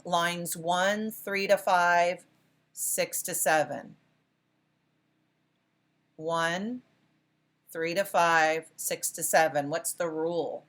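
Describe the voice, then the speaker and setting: A woman's voice: lowish voice, steady tone, extremely slow, long pauses, fairly bright tone. A woman instructor leading a class, encouraging her students and often praising and restarting her sentences. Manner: self-correcting restarts. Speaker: college philosophy instructor. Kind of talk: interactive class lecture.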